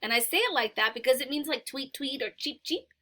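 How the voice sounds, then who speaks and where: Bright, high-pitched woman teaching slowly. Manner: slow, patient, explains word by word. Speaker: Spanish teacher. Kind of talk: reading a beginner story aloud and explaining it.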